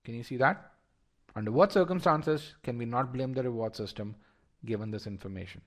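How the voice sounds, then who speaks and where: A man's voice: medium pitch, brisk. Man teaching a live online class. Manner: repeats words and restarts, addresses students directly. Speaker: instructor. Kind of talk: live online test-prep lesson.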